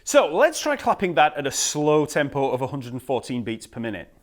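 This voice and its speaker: A man teaching a bass lesson, patiently explaining rhythms, counting beats aloud and scatting the patterns. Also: a little fast, a little hiss or hum. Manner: relaxed, patient explaining with fillers. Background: bass guitar playing.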